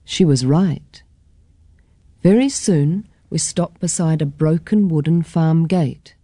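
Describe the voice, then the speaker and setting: A woman reading a children's story aloud in a gentle, expressive way. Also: deep voice, takes it slowly, dry recording, clean studio sound. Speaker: storybook reader.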